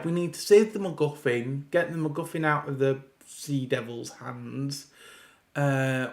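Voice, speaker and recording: A man giving a casual reaction review of a TV episode, ranting in an exasperated way and often restarting his sentences. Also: on the high side. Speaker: video reviewer.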